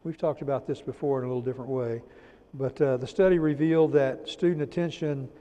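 A man teaching a church teacher-training class, repeating key terms slowly for notes and adding folksy "amen" asides. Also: mid-range voice, fairly even intonation, mellow, in a large hall, dull audio. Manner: folksy, drops in "amen" and "praise the Lord".

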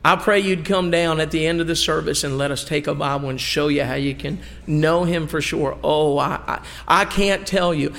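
Folksy preacher man, gravelly. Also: fairly high pitch, fairly bright tone, long reverb tail. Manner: folksy, emphatic preaching with homey asides. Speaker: pastor. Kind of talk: sermon. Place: church sanctuary.

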